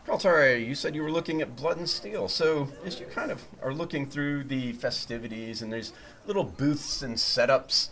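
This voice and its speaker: A man's voice: medium pitch, a bit bright. A man narrating as game master at a tabletop game, in a loose, rambling way with many fillers and restarts.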